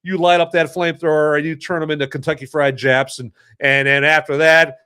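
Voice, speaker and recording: Guy rambling on his podcast, kinda high voice, jokey and animated storyteller. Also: brisk, clear, resonant tone. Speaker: podcast host and movie reviewer. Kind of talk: casual podcast monologue.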